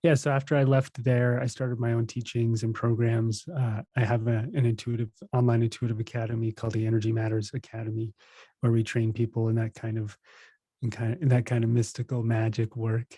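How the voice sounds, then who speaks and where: Man in his thirties, mellow storyteller. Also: mid-range voice, fairly quick, dry recording. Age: 30s. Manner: relaxed storytelling, laughs at himself. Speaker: podcast guest, meditation teacher. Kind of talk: casual interview chat.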